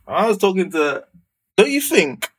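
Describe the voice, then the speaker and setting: A young man chatting casually on a podcast, full of slang and quick to laugh. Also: high-pitched, husky. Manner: slangy, laughs often, animated. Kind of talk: casual chat.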